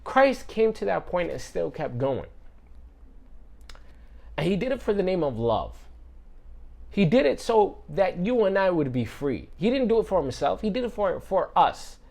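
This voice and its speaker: A man giving a casual devotional sermon in an earnest, conversational way, often leaning on fillers. His voice has a gravelly fry at the ends of phrases. At times he drops to a hushed, quiet delivery. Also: high-pitched, sing-song, a little slow. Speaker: preacher.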